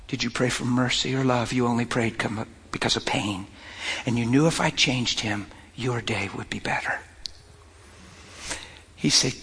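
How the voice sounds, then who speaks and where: A man voicing God, who speaks gently and in a hush, sometimes almost whispering. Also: medium pitch, breathy edge, long reverb tail, pitched below the performer's own voice, exaggerated voice.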